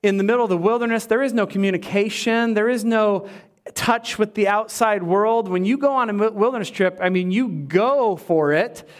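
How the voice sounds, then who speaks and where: A middle-aged pastor preaching a sermon in a high voice. He tells stories in a conversational way and pokes fun at himself. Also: normal speed. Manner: conversational, self-deprecating storytelling.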